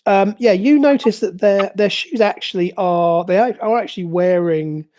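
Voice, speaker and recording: A game master narrating a tabletop game, pausing often with fillers and restarts. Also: mid-range voice, darkish tone, a little hiss or hum. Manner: hesitant, many fillers and restarts.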